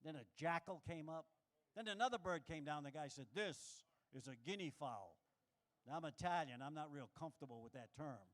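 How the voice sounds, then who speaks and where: Guy doing stand-up at a comedy club, kinda high voice, animated, jumps into silly voices. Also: fast. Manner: animated, acts out quoted voices with big pitch jumps.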